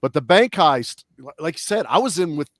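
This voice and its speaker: A man in casual chat, reviewing a film with blunt, profane and animated talk. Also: a little high, a little fast, dry recording, studio quality.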